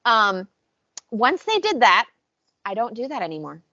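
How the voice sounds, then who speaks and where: A woman co-hosting a podcast, chatting casually and recapping episodes with animated storytelling. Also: a little high, measured pace, no echo, dull audio. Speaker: podcast co-host. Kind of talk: casual chat.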